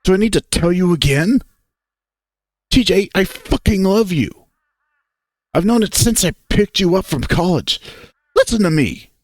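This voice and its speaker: Dude playing a furious lovesick furry guy, cussing, voice cracking, swings up high. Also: lively intonation, a little slow, long pauses, no echo, studio quality. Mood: angry. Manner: pushy, swearing, voice breaking. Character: hot-tempered furry young man, lovesick and angry.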